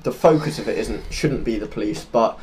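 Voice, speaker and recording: A man's voice: lowish voice, a little fast, darkish tone. A man co-hosting a podcast, telling a story without a script in a loose, earnest way and sometimes searching for words. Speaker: podcast co-host. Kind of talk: unscripted conversational storytelling.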